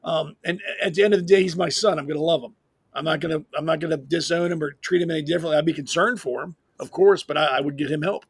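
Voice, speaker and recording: A man's voice: fairly high pitch, fast talker, husky, no echo. A man co-hosting a political panel, speaking bluntly and emphatically. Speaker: co-host. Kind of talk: casual political panel talk.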